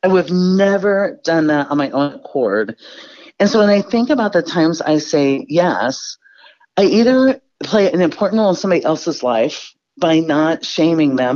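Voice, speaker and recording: A woman's voice: low-pitched, darkish tone, dull audio. A woman guest speaker on a podcast, telling candid, self-deprecating stories about her life. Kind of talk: storytelling interview answer.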